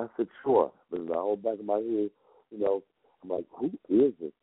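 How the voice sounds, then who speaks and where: A man's voice: lively intonation, a little fast, husky, no room sound. A man who is a guest vocal coach, telling a long story on a radio show in an emphatic, repetitive way, heard through a phone line. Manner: emphatic, repeats himself, jumps between pitch levels.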